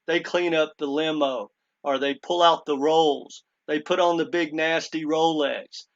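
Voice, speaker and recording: A crypto commentator talks casually to his viewers in an unhurried voice on the high side, with fairly even intonation and lo-fi sound. In this earnest monologue he retells a story, quoting someone with many "he goes" asides and repeatedly calling viewers "guys".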